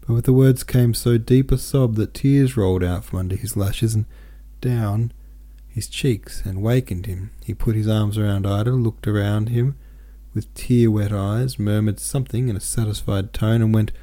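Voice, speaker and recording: A man reading a novel aloud as a podcast host, in a gentle, even storytelling manner with soft voices for the characters. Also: fairly low pitch, normal speed, hardly any pauses. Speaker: audiobook reader.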